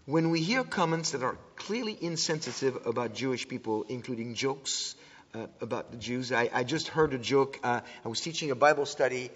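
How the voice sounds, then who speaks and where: A man giving an earnest, animated talk to an audience, often restarting his sentences and filling pauses. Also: mid-range voice. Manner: earnest, with frequent restarts and filler sounds. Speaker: speaker teaching about antisemitism. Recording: dull lo-fi sound with long hall reverb.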